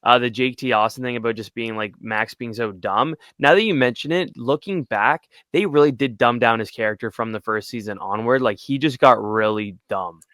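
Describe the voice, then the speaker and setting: A man's voice: medium pitch, moderate pace, hardly any pauses, fairly bright tone, dry recording, studio quality. A man hosting an interview show, chatting casually and reacting with enthusiasm. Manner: enthusiastic, reacts with short exclamations. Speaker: podcast host.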